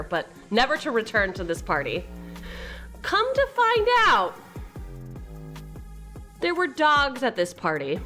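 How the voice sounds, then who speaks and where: A woman's voice: a little high, bright, forceful tone. A young woman streamer casually telling family anecdotes, chatty and laughing often between lines. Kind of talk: casual storytelling during a live stream.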